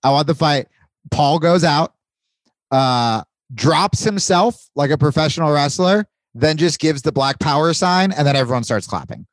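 A man's voice: fairly high pitch, animated, moderate pace, no echo. Profane ranting comedian man. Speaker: comedian guest. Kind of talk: casual chat.

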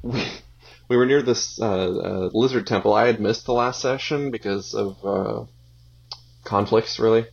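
A man co-hosting a podcast, chatting hesitantly with many pauses, on a muffled, lo-fi mic. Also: fairly low pitch, gravelly, slightly rough. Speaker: podcast co-host. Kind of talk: casual chat.

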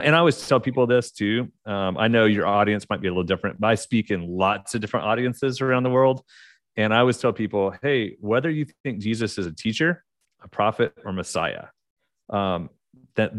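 A man's voice: lowish voice, dry recording, studio quality. A middle-aged man with an Oklahoma accent, telling stories as a podcast guest in a casual, rambling way with many fillers and restarts. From United States. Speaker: podcast guest, leadership author. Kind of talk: casual interview storytelling.

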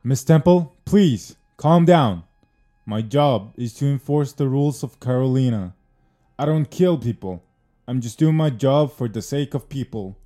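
A man playing a formal interrogator questioning an accused woman in an audio drama, measured and insistent. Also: medium pitch, mellow, lightly acted. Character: stern male interrogator, officious and persistent.

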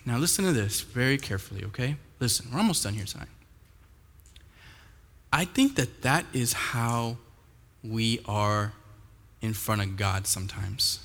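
A man's voice: medium pitch, a little slow, pauses often, a bit bright. A man preaching a sermon to a live audience, casual and talking straight to the crowd with frequent questions. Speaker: pastor. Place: large room with a live audience. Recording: echoey hall.

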